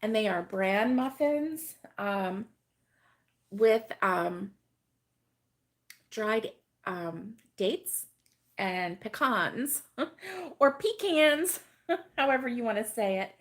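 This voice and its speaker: A middle-aged woman hosting a casual crochet live stream, chatting with viewers by name and laughing often, her voice still hoarse from being sick. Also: mid-range voice, lively intonation, very slow, pauses often. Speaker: crochet channel host.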